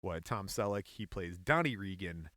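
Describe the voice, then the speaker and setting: Male podcast host, animated delivery, bright tone, dry studio sound. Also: low voice, moderate pace, no echo. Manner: animated, laughs often, reads facts from cards. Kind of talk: casual comedic chat.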